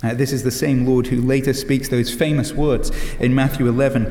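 A man's voice: medium pitch, flat delivery, normal speed, hardly any pauses, warm tone. A man preaching a sermon in an earnest way, with many "uh" fillers and rhetorical questions. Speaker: pastor. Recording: echoey hall with long reverb.

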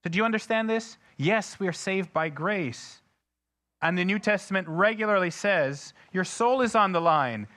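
A man's voice: high voice, expressive, normal speed, pushed and bright. A man preaching a sermon, reading scripture aloud with heavy emphasis and often putting questions to the congregation. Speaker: pastor.

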